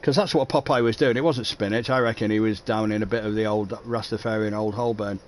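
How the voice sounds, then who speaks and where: A man's voice: lowish voice, fairly even intonation, fast talker, slight background noise. A man chatting casually on a racing livestream, rambling and making self-mocking jokes. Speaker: race streamer, commentator.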